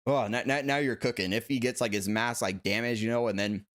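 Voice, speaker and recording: A man's voice: mid-range voice, fairly even intonation, a little fast, a bit bright. Chatty young man hosting a livestream. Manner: chatty, laughs often, lots of "like" fillers. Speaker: host of a collectibles livestream. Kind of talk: casual livestream chat, reading viewer comments.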